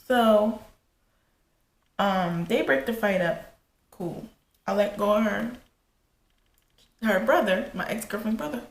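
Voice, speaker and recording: A woman vlogger casually telling a personal story while getting ready, animated and profane, acting out quotes. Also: slow, pauses often. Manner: animated, profane, retells quotes with rising pitch. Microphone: camera in front. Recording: echoey room with faint ambience.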